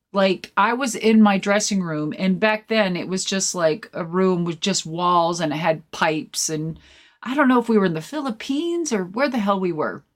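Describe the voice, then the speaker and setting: A woman guest-hosting a podcast, telling stories in a rambling, animated way with lots of fillers and swearing. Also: mid-range voice. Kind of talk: casual storytelling chat.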